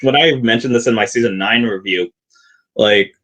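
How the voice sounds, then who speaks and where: Husky-voiced man rambling in casual chat. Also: fairly low pitch, moderate pace, a bit bright. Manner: laughing easily, rambling with many likes. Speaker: podcast guest.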